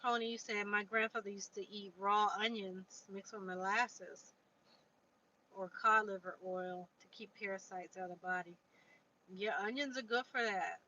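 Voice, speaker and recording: A woman's voice: mid-range voice, steady tone, normal speed, bright, forceful tone. A woman casually chatting on a livestream, answering viewer comments and reading aloud from a book. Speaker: livestream host. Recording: dull lo-fi stream audio with faint noise.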